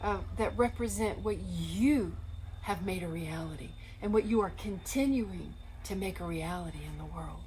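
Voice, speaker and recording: A woman co-hosting a Christian ministry program, telling inspiring stories in an earnest, animated way. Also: fairly low pitch, normal speed, slight background noise, poor audio. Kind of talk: storytelling conversation.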